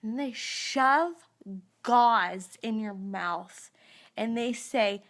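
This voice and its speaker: A woman's voice: on the high side, slow. A woman in her thirties, groggy after dental surgery, telling a rambling story in a casual live stream. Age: 30s. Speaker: vlogger. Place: live stream recorded on a phone.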